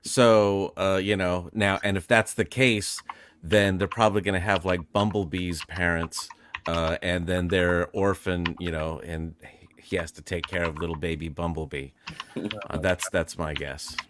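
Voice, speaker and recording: A man on a podcast in casual group chat, making deadpan jokes. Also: low-pitched, measured pace, a little hiss or hum. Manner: deadpan joking. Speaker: podcast co-host.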